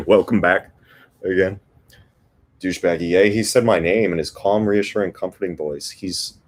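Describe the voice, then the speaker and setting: Young male streamer, deep and easygoing, casual banter with viewers. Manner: laid-back, joking, chuckles often. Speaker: livestream host and guitarist. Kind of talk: casual livestream chat reading comments.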